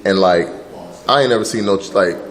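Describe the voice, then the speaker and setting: A middle-aged man telling lively stories as an interview guest, acting out quotes loudly with sound effects and laughter. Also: fairly low pitch, fairly quick. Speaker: guest, former pro football player. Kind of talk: animated storytelling interview.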